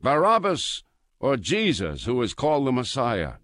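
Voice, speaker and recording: A man's voice: mid-range voice, wildly swooping pitch, a little slow, fairly bright tone, pitched above the performer's own voice. A man voicing a stern, exasperated Roman governor in a dramatized scripture reading.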